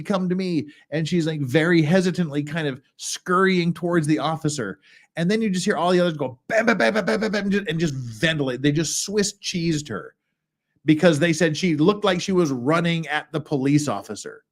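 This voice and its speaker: A man hosting a casual live stream about legal cases, reading out documents and adding blunt, wry remarks in a rambling way. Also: fairly high pitch. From United States. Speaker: legal commentary host. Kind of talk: casual livestream commentary.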